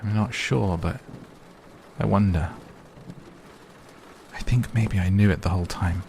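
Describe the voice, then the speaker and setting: A man's voice: lowish voice, unhurried, vocal fry, mellow, a little hiss or hum, voice pushed up. A man voicing an earnest, wistful teenage girl who talks hesitantly, as if thinking aloud.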